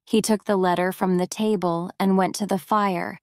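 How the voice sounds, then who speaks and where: A woman narrating a simple graded story for English learners with slow, careful reading. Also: mid-range voice, fairly even intonation, clear, resonant tone, no echo, studio quality.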